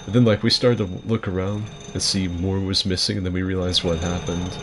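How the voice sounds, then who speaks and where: A man in his twenties streaming a game from home, chatting in a rambling, casual way with swearing and keeping his voice fairly quiet. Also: sits low, little pitch movement, a little fast, background noise. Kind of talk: casual gameplay commentary.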